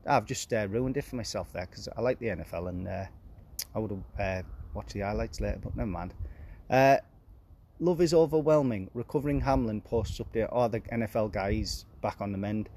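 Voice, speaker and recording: A man in his forties hosting a casual podcast, reading news headlines aloud with deadpan, sarcastic asides. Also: on the low side, fairly quick, a little hiss or hum. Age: 40s. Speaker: podcast host.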